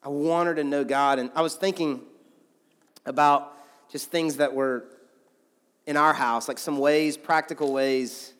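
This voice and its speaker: A man's voice: a little high, fairly even intonation, a little slow, long pauses, a bit bright, smooth. A man, a pastor telling stories in a sermon in a loose, conversational way with many asides. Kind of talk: sermon storytelling. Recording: long hall reverb.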